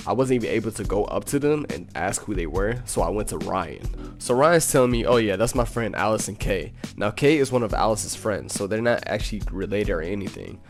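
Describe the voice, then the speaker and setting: A young man casually narrating a personal story in laid-back, slangy talk full of "you know.". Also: fairly low pitch. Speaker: storytime YouTuber.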